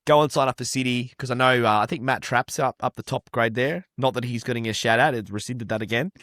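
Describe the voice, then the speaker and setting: A man's voice: medium pitch, fast, fairly bright tone, no room sound, clean studio sound. An Australian man co-hosting a sport podcast, laid-back, introducing listener messages. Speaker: podcast co-host. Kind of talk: casual chat.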